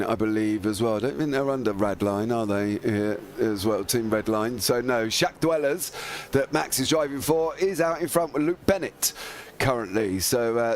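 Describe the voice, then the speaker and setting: A man's voice: medium pitch, slight background noise. A man giving rambling, chatty live commentary on a charity sim race. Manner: rambling, chatty, many fillers.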